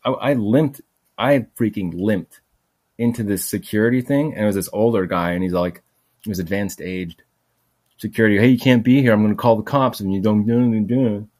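A man's voice: lowish voice, moderate pace, darkish tone, no echo. A man telling long, meandering personal stories in a casual monologue, chuckling often and acting out the voices of people he quotes. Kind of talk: rambling personal storytelling monologue.

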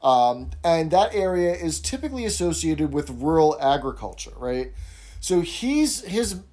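A man's voice: on the high side, big pitch swings, unhurried, warm tone. A man, co-hosting a casual chat and explaining things, often checking in with his listener. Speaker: co-host.

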